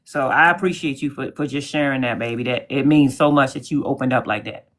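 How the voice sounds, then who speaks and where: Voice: mid-range voice, brisk, fairly bright tone. A co-host on a livestream, speaking in a casual, soothing and supportive way and thanking viewers in the chat.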